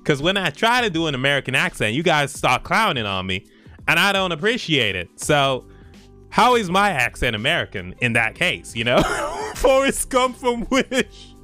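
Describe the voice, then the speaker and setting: A man's voice: a little high, very animated, moderate pace, bright, forceful tone, soft background music. A man streaming casually, joking and laughing about his own voice acting.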